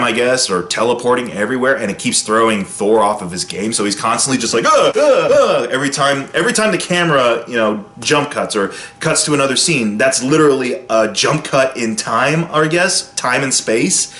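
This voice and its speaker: A man giving a casual, opinionated spoken film review, with sudden jumps in pitch for emphasis. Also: pushed and bright, roomy sound.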